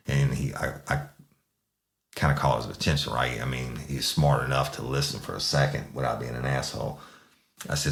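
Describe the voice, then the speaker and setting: A man's voice: rumbling low, steady tone, normal speed, vocal fry, fairly bright tone. A middle-aged man, a former police sergeant, recounting a case in a profane, laid-back way.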